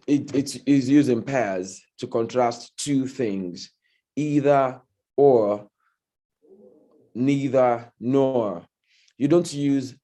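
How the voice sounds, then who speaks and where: A Nigerian man delivers a language evaluation at a speaking club meeting. He speaks slowly and deliberately, in a warm, mellow tone, correcting grammar and pronunciation. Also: mid-range voice. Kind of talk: meeting feedback report.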